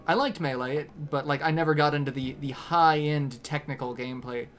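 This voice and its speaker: A young man chats his way through a game livestream, wandering from one thought to the next. His voice sits a little high, and faint game music plays underneath. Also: brisk. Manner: chatty, rambling, reads along with game lines. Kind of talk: casual livestream chat reading game dialogue aloud.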